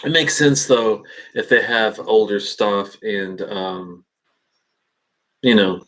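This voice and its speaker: A man hosting a casual live stream from home, thinking aloud in a halting way with many fillers and restarts, speaking into a webcam. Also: lowish voice, a bit bright. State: hiccups.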